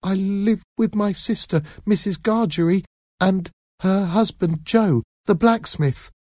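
Scared little boy, high pleading voice, stammers; male narrator doing the voice. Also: unhurried, warm tone, no room sound, clean studio sound. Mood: frightened. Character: terrified seven-year-old boy, trembling.

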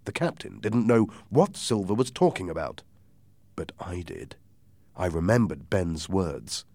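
A man's voice: sits low, animated, unhurried, creaky, a little mellow, dry recording. A man reading a story aloud as audiobook narration, giving each character a voice.

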